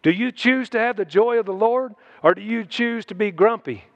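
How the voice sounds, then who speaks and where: A man preaching a sermon to his congregation, exhorting and then dropping into hushed asides. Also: high-pitched, normal speed, creaky, highs cut off. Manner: exhorting, swings between loud shouts and hushed asides. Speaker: pastor. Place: church sanctuary.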